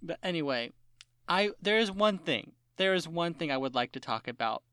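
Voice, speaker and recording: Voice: medium pitch, moderate pace, clean tone, no room sound, studio quality. A podcast co-host in casual chat, ranting with lots of swearing and mock-quoting characters in exaggerated voices. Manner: animated ranting with profanity and mock quotes.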